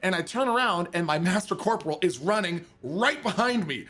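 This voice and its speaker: A man casually telling a funny story, animated and laughing often, swearing freely and acting out drunken quotes in a raised voice. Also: sits high, fairly quick.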